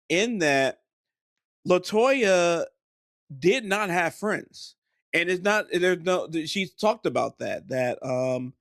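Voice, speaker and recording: A man co-hosting a podcast, speaking in a fairly high voice with a dry, close sound. He talks animatedly and enthusiastically, often restarting his sentences mid-thought. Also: no echo. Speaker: podcast co-host. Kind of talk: casual chat.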